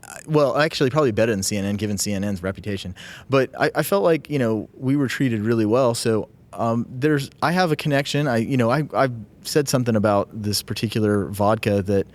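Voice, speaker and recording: Male podcast host, eager gushing talk, mid-pitched voice, convention media room. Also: fairly quick. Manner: enthusiastic, gushing gear talk. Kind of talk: excited casual chat.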